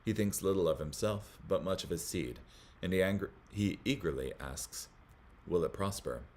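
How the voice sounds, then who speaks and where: A man hosting a Bible study, reading commentary aloud in a measured way, with small slips that he corrects as he goes. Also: deep voice, a little mellow.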